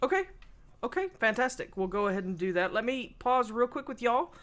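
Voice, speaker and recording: A woman as game master of a tabletop horror game, chatty and quick to play the characters. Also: a little high, big pitch swings, fairly bright tone. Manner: chatty, laughs often, plays the characters.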